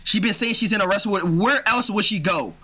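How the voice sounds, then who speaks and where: Streamer dude reacting, high bright voice, all over the place, swears a ton, keeps saying bro. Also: male voice, brisk, husky. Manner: exasperated, swears a lot, says "bro" often. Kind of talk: casual reaction commentary.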